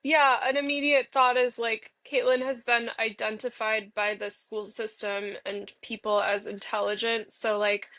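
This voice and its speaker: A woman's voice: on the high side, level tone, normal speed, few pauses, pushed and bright, dry recording. A young woman in playful, bubbly parts-work role-play, speaking as an inner part of herself and filling her talk with "like.". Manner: playful and bubbly, many filler "like"s.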